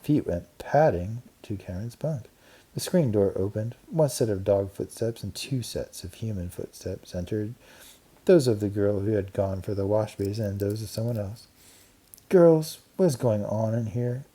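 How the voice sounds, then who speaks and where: A man gently and expressively narrating a children's storybook. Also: fairly low pitch, normal speed, slightly rough. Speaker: audiobook narrator.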